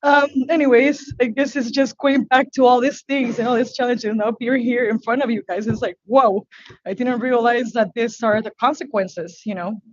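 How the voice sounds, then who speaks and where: A woman speaking English as her second language, a business owner testifying before a board in a halting, earnest, emotional way. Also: a little high, steady tone, no room sound, muffled recording. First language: not English. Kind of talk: testimony at a public hearing. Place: hearing room.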